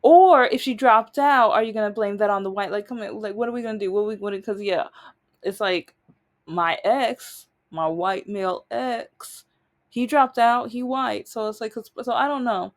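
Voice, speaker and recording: A woman's voice: a little high, normal speed. A young adult woman vlogging, telling a personal story in a rambling, emphatic way, often trailing off and restarting. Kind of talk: casual storytelling monologue.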